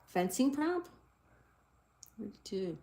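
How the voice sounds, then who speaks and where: Slow and sing-song, a middle-aged woman's mellow, mid-range voice carries her casual livestream. She's cheerful and chatty, reading viewer comments aloud and spelling crossword answers letter by letter, and she apologizes for her slips.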